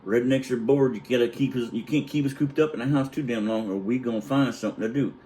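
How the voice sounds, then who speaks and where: A man's voice: medium pitch, fast talker, warm tone, a little hiss or hum, low-quality recording. A middle-aged man telling a crude family story in a loose, rambling way, laughing as he goes. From Illinois, United States. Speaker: storyteller, vlogger. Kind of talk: casual storytelling.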